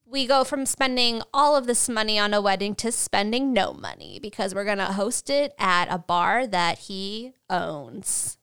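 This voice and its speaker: A woman's voice: mid-range voice, lively intonation, a little slow, few pauses, fairly bright tone, clear, resonant tone. A woman co-hosting a podcast, chatting casually through a TV episode recap, laughing often and acting out characters' lines. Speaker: podcast co-host.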